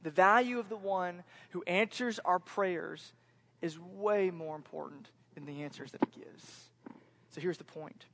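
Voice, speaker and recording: Man, 30s, from Central Florida, pastor preaching, fairly high voice, earnest, repeats key points. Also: unhurried, fairly bright tone, slight background noise. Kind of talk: sermon.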